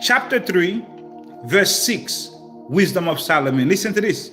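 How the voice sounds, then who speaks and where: A man's voice: high voice, a little slow, faint music behind. A man reading scripture verses aloud and breaking in with playful slang commentary and repeated asides. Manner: repeats phrases, animated asides. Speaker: teacher. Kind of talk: informal scripture teaching.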